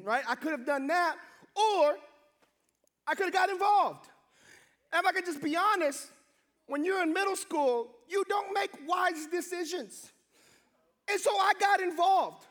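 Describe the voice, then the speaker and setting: A young man preaching a sermon, telling a funny story and acting out the people in it, shouting now and then for emphasis. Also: very high-pitched, moderate pace. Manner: animated, acts out quotes, shouts for emphasis. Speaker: pastor.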